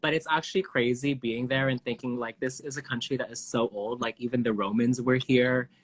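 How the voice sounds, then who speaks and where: A man's voice: medium pitch, fairly even intonation, brisk. Chatty man hosting a live chat. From Canada. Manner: chatty, many fillers, laughs easily. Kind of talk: casual chat. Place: home, video live stream.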